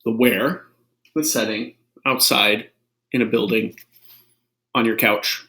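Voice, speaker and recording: A man teaching first graders from his living room, reading a picture book aloud in a lively storytelling manner. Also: on the low side, takes it slowly, low-quality recording. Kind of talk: read-aloud lesson for kids.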